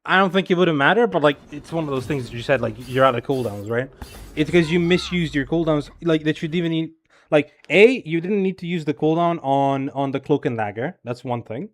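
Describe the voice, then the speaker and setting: A man reviewing a player's gameplay as a coach, talking casually and criticizing bluntly and profanely, with lots of "bro" and "right?". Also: fairly high pitch. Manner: filler-heavy rapid talk with frequent "bro" and "right?". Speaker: game coach.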